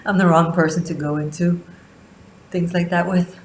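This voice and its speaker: A woman tarot reader giving a spiritual monthly reading, speaking slowly and deliberately with long pauses. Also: on the low side, steady tone, reverberant, slight background noise, rough recording. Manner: slow, deliberate delivery with drawn-out pauses.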